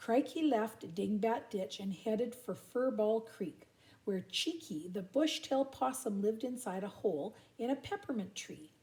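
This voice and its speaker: A woman's voice: a little high, animated, a little slow, darkish tone. An older grandmother reading a picture book aloud and stopping for chatty asides. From Canada.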